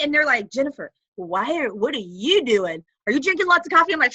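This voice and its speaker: A woman talking through a casual team training, bubbly and animated, acting out chats in high voices. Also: fast, hardly any pauses, breathy edge, dry recording, poor audio. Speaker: network marketing team member.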